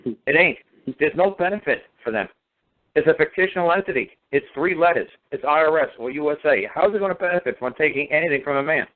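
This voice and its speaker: Over a phone line, a man on a talk show drives home his points with emphatic, repeated rhetorical questions. His voice is a little high and animated, and he talks at a quick pace.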